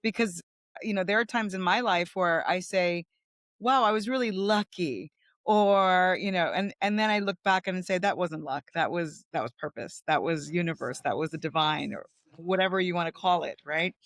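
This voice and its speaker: A woman's voice: fairly low pitch, normal speed, a bit bright, no room sound, clean studio sound. Woman co-host asking searching questions. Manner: thoughtful, searching questions with many fillers. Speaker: podcast co-host. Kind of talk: casual interview chat.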